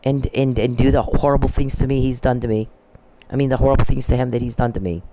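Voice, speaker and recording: A woman's voice: extremely low pitch, fairly even intonation, fast, mellow, low-quality recording. A woman vlogger in a heated personal rant, blunt and profane, often stopping and restarting her sentences. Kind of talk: angry personal rant to camera.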